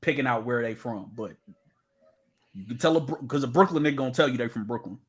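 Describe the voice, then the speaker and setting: A podcast co-host speaks quickly at a medium pitch, his voice carrying a breathy edge. He's an animated storyteller, spinning tales in casual chat that's full of laughter.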